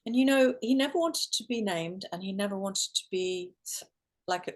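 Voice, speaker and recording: A woman's voice: medium pitch, moderate pace. A woman, a guest in an interview, telling a personal story earnestly with many restarts and fillers. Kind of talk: emotional storytelling.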